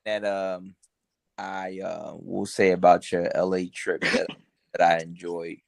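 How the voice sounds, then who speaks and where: A man's voice: low-pitched, flat delivery, unhurried, vocal fry, no room sound, studio quality. A man in his forties co-hosting a podcast, laid-back and reflective in slangy casual chat. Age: 40s. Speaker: podcast co-host.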